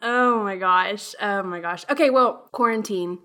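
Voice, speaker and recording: A young woman hosting a casual podcast chat, telling stories in a lively, animated way. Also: mid-range voice, a little slow. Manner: lively storyteller, animated retellings. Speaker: podcast host.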